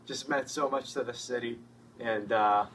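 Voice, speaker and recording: A man talking as an interviewed sports fan, halting and full of fillers, choked up. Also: mid-range voice, steady tone, fairly bright tone, a little hiss or hum. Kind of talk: casual mock interview. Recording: distant mic with faint ambience.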